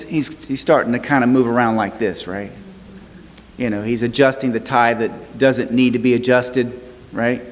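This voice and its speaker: A male pastor preaching a sermon, telling a story in a measured way and stressing words by repeating them. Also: mid-range voice. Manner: storytelling, slow and measured with emphatic repetition. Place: church sanctuary. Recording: long church reverb.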